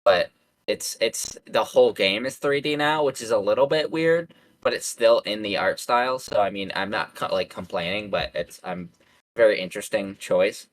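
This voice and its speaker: A man's voice: fairly low pitch, moderate pace, low-quality recording. A young man hosting a casual podcast chat, who rambles with lots of fillers, swearing and frequent laughter. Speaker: podcast host.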